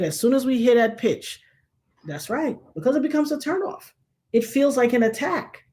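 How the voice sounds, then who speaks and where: Emphatic folksy woman giving advice. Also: medium pitch. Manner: emphatic, preachy, folksy, drops to a hush for effect. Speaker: livestream talk show host. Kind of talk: casual advice chat to a live chat.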